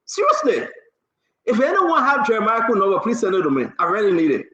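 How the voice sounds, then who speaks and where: A man with a Liberian English accent hosting a live radio talk show, animated and joking, laughing often and pleading with listeners. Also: high voice, fast. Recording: echoey room, dull lo-fi sound.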